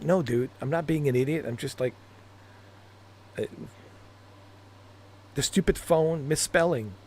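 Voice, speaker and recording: A man's voice: a little high, a little mellow. Rambling, laughing man telling stories. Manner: rambling, laughs at his own stories, curses freely. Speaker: gaming streamer. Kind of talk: casual storytelling chat.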